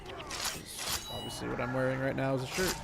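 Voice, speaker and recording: A man's voice: medium pitch, huge pitch swings, brisk, vocal fry, heavy background noise. A man streaming a video game, chatting casually and rambling with plenty of fillers. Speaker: gaming streamer. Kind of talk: casual chat while playing a video game.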